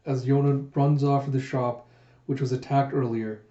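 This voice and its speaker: A man reviewing a manga in a casual readthrough, animated and laughing as he retells scenes. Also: mid-range voice, moderate pace. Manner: animated, lots of laughing asides. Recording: echoey room, dull sound.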